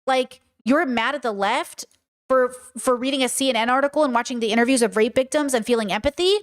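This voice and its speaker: A woman live-streams her reaction commentary in a high, bright-pitched voice. She argues heatedly with the clip she's watching, swearing and piling up rhetorical questions. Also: brisk.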